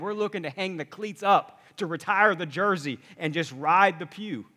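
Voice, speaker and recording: A man preaching a sermon to a congregation, energetic and conversational, with humorous asides. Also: high voice, in a large hall. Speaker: pastor. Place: church sanctuary.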